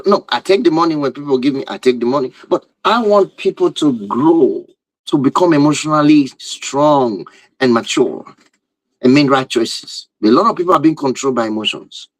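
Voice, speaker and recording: A man gives a relationship talk in a fairly high voice, driving home each point with repetition and asking "you understand?" He stays emphatic and direct, and the sound is close and dry with no room echo. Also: lively intonation, normal speed. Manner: emphatic and repetitive, asks rhetorical questions. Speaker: relationship teacher. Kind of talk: lecture-style talk to viewers.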